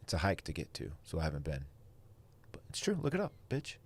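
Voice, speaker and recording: A man's voice: very deep voice, wildly swooping pitch, quick pace, breathy edge. A young man co-hosting a podcast, chatting casually and joking at his own expense. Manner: self-deprecating, joking. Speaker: podcast co-host. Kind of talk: casual banter among friends.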